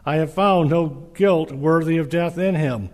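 A man reading the lines of an uneasy Roman governor in a measured, earnest way. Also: fairly high pitch, darkish tone, close to an everyday voice. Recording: reverberant hall.

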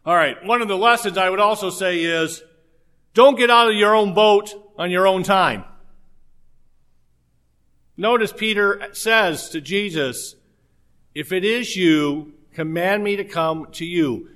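A man's voice: high-pitched, unhurried, fairly bright tone. A man preaching a sermon in a conversational way, with humorous asides.

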